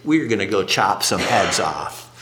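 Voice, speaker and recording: A man playing an angry, hot-tempered young warrior leader who shouts indignantly. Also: low-pitched, sing-song, measured pace, background noise, pitched below the performer's own voice. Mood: furious.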